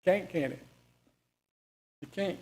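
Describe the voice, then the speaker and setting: A man teaching an informal Bible study class, his voice pitched a little high for a man. He talks in a folksy, conversational way and keeps putting questions to his listeners. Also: takes it slowly.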